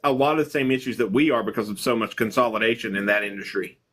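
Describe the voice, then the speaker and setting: A man's voice: lowish voice, fairly even intonation, fast, a bit bright, slight background noise. A man, a pharmacist, talking in casual chat, blunt and wry.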